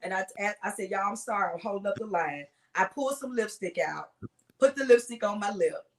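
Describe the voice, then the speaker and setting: A middle-aged woman, a singer as a guest, telling stories with lively acted-out quotes in a relaxed chat. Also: medium pitch, brisk. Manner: animated storyteller acting out voices. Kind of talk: casual interview storytelling.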